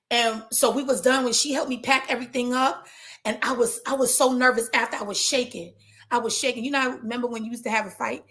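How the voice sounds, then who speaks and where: A woman, a hair coach, telling her story in animated casual chat and speaking straight to her viewers. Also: a little high. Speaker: trichologist and hair business coach. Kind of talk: motivational casual talk to viewers.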